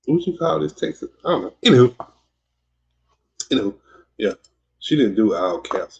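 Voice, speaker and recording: Southern mississippi guy hosting a chill podcast, low husky voice, rambles and teases, kinda dull lo-fi sound. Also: animated, moderate pace, pauses often, a little mellow. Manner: rambling and teasing, many fillers and restarts. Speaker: podcast host. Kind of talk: casual livestream chat reading comments.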